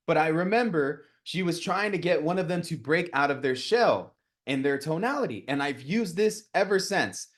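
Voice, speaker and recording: A man in his thirties coaching a live group on real estate cold calling, energetic and talking with his hands, often checking in with "right?". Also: a little high.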